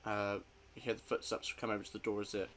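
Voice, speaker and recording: A man's voice: lowish voice, flat delivery, fast, fairly bright tone, a little hiss or hum. A man narrating as game master of a tabletop role-play, hesitant and full of fillers.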